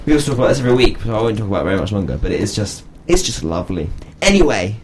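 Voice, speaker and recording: A man's voice: on the low side, big pitch swings, very fast, a little mellow, slight background noise. A young man hosting a casual comedy podcast, joking around and laughing often. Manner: playful, laughs often, jokey asides. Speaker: podcast host.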